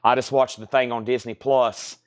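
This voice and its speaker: Southern guy running a live vinyl sale, mid pitch, just rattling off albums and prices, chatty. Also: moderate pace. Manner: rattles off titles and prices in a steady sales patter, folksy asides. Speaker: host selling records on a livestream. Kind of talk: live sales stream, casual chat.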